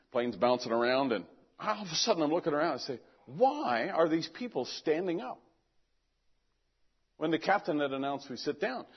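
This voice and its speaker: A man's voice: a little high, husky, highs cut off. Older man telling a rambling story. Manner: rambling, animated, repeats words while telling. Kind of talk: casual personal story.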